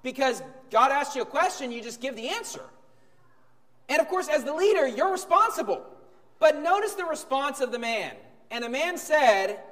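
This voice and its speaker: A high-pitched male pastor delivering a sermon with emphatic swings between sharp shouts and calm, low-key stretches. His voice rings through a church hall with a long, lingering reverb. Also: moderate pace.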